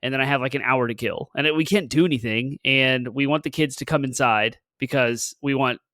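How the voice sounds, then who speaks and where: A man's voice: mid-range voice, brisk, fairly bright tone, no room sound. Man in his thirties, podcast co-host, rambling casual chat, lots of fillers, dry close mic. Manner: rambling, filler-heavy storytelling.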